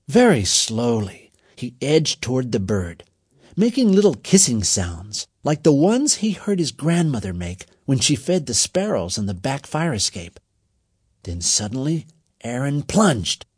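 A male storyteller with a husky voice and a very lively, animated pitch that rises and falls through each sentence. He reads in a measured, expressive way. The sound is dry and close, with no room around it. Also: dry recording. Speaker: narrator. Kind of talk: storybook reading.

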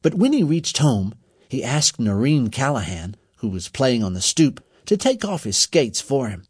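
A male storyteller with a husky voice and a very lively, animated pitch that rises and falls through each sentence. He reads in a measured, expressive way. The sound is dry and close, with no room around it. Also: dry recording. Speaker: narrator. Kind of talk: storybook reading.

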